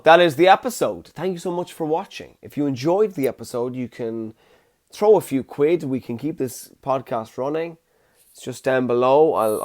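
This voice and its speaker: A man's voice: medium pitch, a little mellow. Jokey young man. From Ireland. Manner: jokey, rambling, self-deprecating. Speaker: podcast host. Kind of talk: casual solo podcast monologue. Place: alone in his room. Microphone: phone.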